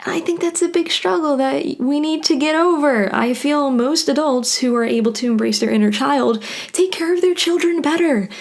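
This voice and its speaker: A woman with a fairly high voice rambles through a solo vlog monologue. She talks with passion and swears freely, and now and then she acts out what other people would say. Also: normal speed, creaky. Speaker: vlogger.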